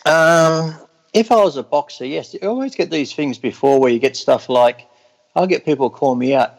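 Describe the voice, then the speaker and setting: A middle-aged man with an English accent, a bodybuilder guest on a podcast, talking in a dry, deadpan and sarcastic way and swearing freely. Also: fairly high pitch, normal speed, creaky, low-quality recording. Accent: English, long time in Australia. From England. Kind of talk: casual podcast interview.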